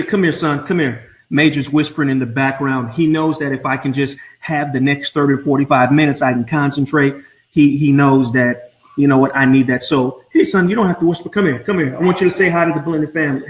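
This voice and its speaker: A man coaching blended families on a live stream from home, speaking earnestly and often repeating his words. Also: fairly high pitch. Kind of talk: Facebook Live talk. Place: home room. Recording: roomy echo.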